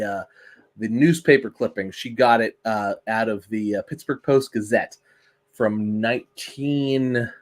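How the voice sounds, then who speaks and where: A male podcast co-host in loose, casual chat, swearing freely and telling stories with lively energy. His voice sits in a middle pitch range. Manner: swears freely, animated storytelling.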